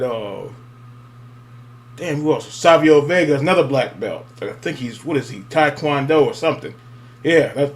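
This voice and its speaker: Laid-back man hosting a chat. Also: medium pitch. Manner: loose, rambling interjections with fillers. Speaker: podcast host. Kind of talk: casual chat.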